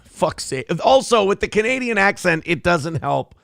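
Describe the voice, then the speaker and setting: Profane gravelly man hosting a live show. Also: high-pitched, very animated, moderate pace, a bit bright. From Minnesota. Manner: profane, ranting. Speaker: show host. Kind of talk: casual live-stream commentary.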